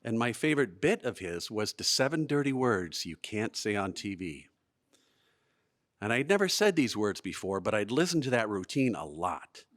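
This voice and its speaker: In a museum event space, a man tells a live audience a funny story from his childhood, at normal speed. His pitch swings widely, climbing toward punchlines and dropping for the gloomy beats. Like a practiced storyteller working a room, his delivery is animated, lively, and well timed.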